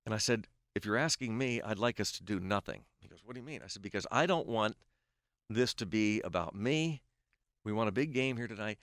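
A man's voice: lowish voice, a little fast, no room sound, clean studio sound. A middle-aged man, a baseball play-by-play announcer, telling a long story on a podcast and acting out the quoted back-and-forth. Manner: animated storyteller who acts out quoted dialogue.

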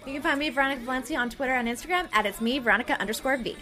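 A woman's voice: high-pitched, bright, forceful tone, soft background music. A woman panelist in a casual talk show, agreeable and chatty. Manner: quick, agreeable. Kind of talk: casual chat.

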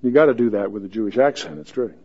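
A man's voice: lowish voice, quick pace, darkish tone, lo-fi sound. A man giving a verse-by-verse Bible teaching in a folksy, joking way, reading scripture aloud with rising emphasis.

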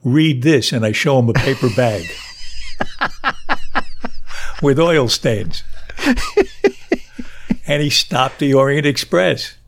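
Older male guest, animated storyteller, laughs through anecdotes, mid-range voice. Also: mid-range voice, takes it slowly, vocal fry, pauses often, slight background noise.

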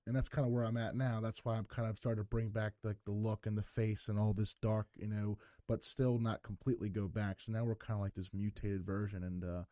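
A man's voice: fairly low pitch, flat delivery, a little fast, hardly any pauses, warm tone, no room sound. A young adult man, a pro wrestler guest, telling stories in a rambling, casual way with many filler words and acted-out quotes. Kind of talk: casual interview storytelling.

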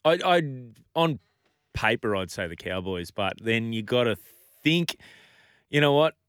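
A man co-hosting a radio show, running through sports results in a relaxed, rambling manner. His voice sits at an ordinary pitch and sounds close and dry, with no room around it. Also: a little slow, clear, resonant tone, dry recording. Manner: easygoing, rambling, chuckles often. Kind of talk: casual sports chat on air.

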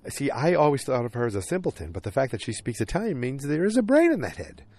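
A man's voice: medium pitch, sing-song, fast talker, dark tone, dry recording. A man casually recapping a TV episode, rambling with lots of fillers and acting out the characters' lines. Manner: rambling, full of fillers, acts out quotes.

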